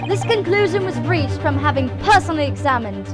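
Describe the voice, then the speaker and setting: A woman's voice: high voice, expressive, fairly quick. A formal male police inspector, voiced by a woman. He reports in clipped, official phrasing. Game music plays in the background.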